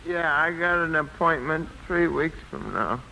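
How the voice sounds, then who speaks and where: Befuddled comic guy, kinda high voice, hissy old radio. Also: animated, unhurried, gravelly. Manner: mild, bumbling, befuddled. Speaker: comedian. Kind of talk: 1940s radio comedy acting.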